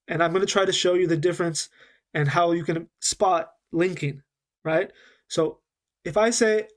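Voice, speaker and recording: A man teaching a recorded online English course, patiently slowing down to demonstrate and checking in with frequent "okay?". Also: high voice.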